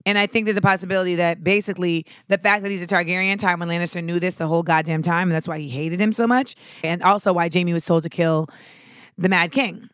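A woman chatting casually and animatedly, swearing freely and acting out quotes with sudden shouts. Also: on the low side, fairly even intonation, fast, clear, resonant tone, no echo, studio quality. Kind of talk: casual chat about a TV show.

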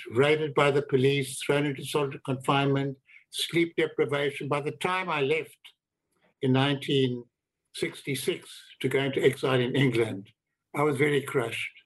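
An older man, recounting his own life story in a reflective, deliberate way, repeating words for emphasis. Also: mid-range voice, fairly even intonation, low-quality recording. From South Africa. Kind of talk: personal storytelling.

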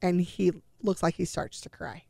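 A woman's voice: fairly low pitch, fairly even intonation, moderate pace, gravelly, a little mellow, dry recording, studio quality. A woman in her forties, a mother earnestly recounting a family story as an interview guest, sighing often and acting out what each person said.

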